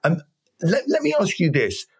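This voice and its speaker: A man's voice: high voice, wildly swooping pitch, moderate pace, vocal fry, husky, dry recording. A man hosting a podcast, asking long rambling questions with frequent restarts in casual interview chat. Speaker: podcast host.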